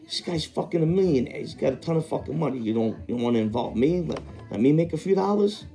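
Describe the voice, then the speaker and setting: A man voicing an indignant grown mobster who curses and pushes to be let in on a deal, his voice raised higher than his own. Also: expressive, fast talker, dark tone. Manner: cursing, pushy, higher-pitched retelling.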